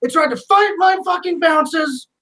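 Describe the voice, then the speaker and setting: A game master voicing an angry, foul-mouthed male bartender who shouts and complains frantically. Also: very high voice, normal speed, voice pushed up, poor audio. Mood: indignant.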